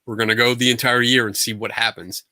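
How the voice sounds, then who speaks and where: A man hosting a casual podcast chat with a guest, relaxed and joking with quick asides. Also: mid-range voice, no echo. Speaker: podcast host.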